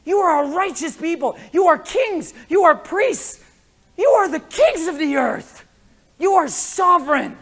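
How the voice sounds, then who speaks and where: Male preacher, high voice, emotional, intense, casual slang, conference sermon. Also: expressive, measured pace, fairly bright tone. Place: conference hall.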